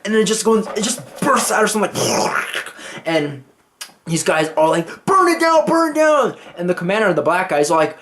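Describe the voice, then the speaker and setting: A man's voice: high voice, moderate pace, a bit bright, slight background noise. A man casually reviewing a movie, swearing freely as he retells scenes. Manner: casual and profane, acting out scenes.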